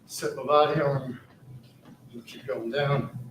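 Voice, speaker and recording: A man's voice: medium pitch, fairly even intonation, slow pace, slight background noise. A man streaming his treadmill workout, out of breath, talking between efforts. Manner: breathless, off-key singing between short workout remarks. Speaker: fitness streamer. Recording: roomy sound from a distance.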